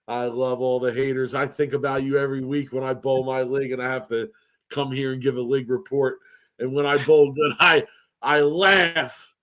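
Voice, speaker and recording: A man's voice: medium pitch, fairly even intonation, normal speed, fairly bright tone. A man co-hosting a casual podcast, his voice sitting in an ordinary middle range for a man. He brags and trash-talks in a playful, joking way. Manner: boastful, playful trash talk. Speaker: podcast co-host. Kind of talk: casual chat.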